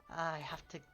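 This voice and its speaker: A woman with a British Isles accent streaming a strategy game, chatting to viewers, reading event text aloud and breaking into excited cries. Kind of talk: casual game stream chat. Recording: dull lo-fi stream audio with faint music.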